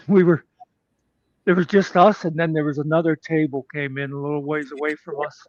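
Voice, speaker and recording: A man's voice: a little high, flat delivery, moderate pace, dry recording. A man chatting casually on a livestream, rambling through crude jokes and stories. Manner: rambling joke-teller, crude. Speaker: livestream co-host. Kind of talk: casual chat. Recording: dull, dry lo-fi audio.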